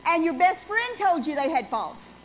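A woman's voice: very high-pitched, sing-song, moderate pace. A woman in her forties preaching a sermon in a church, speaking emphatically and putting questions to the congregation. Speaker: pastor. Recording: dull lo-fi sound with faint noise.

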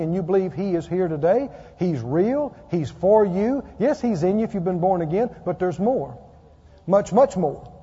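A man's voice: high voice, warm tone, breathy edge. A man preaching a sermon and leading an altar call, emphatic and pleading in a repetitive preaching cadence. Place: church sanctuary. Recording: dull echoey church recording.

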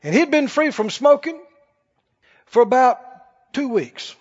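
A man preaching a sermon in an animated, conversational way to a church congregation. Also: extremely high pitch, measured pace. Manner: animated, conversational, acts out quoted voices. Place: church hall. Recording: dull recording with long hall reverb.

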